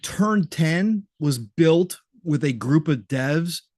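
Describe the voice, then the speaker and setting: Animated male podcast host, dry sound. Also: a little high, no echo. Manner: animated, profane, quick to laugh. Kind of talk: casual chat.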